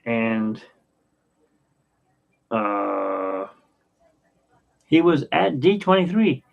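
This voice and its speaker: A man in his fifties talks in a gravelly, creaky voice, drifting from story to story with many ums and restarts. His pitch sits in the middle range. The sound is dull and lo-fi. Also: sing-song. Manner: rambling, anecdotal, halting with fillers. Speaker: podcast host. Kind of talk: casual rambling chat.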